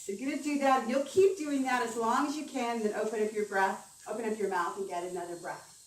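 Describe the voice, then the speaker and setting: An upbeat woman voice coach speaks to a conference audience, her voice a bit high. It is recorded from a distance in an echoing hall with faint background noise. She coaches warmly and keeps the audience engaged. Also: steady tone, quick pace. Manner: upbeat, encouraging, leads audience through breathing exercises. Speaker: voice coach giving a conference talk. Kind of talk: presentation on stage. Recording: roomy hall sound from a distance, faint ambience.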